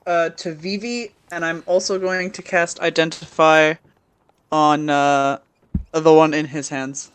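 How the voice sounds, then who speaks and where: A woman's voice: deep voice, fairly even intonation, unhurried, clean tone. A woman playing a tabletop game, joking and laughing often. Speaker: player. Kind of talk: casual tabletop play.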